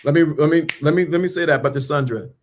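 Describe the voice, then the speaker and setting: A man's voice: a little high, quick pace, noisy background. Emphatic preaching-style man. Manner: emphatic, repeats lines, asks the listener questions; casual slang, calls listeners brother. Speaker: speaker on mindset and dating. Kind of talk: preaching-style motivational talk.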